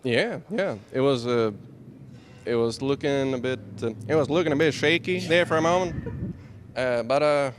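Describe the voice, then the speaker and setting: A man, a player, answering interview questions hesitantly with many pauses. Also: mid-range voice, background noise. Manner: hesitant, many uhs, laughs. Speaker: esports player.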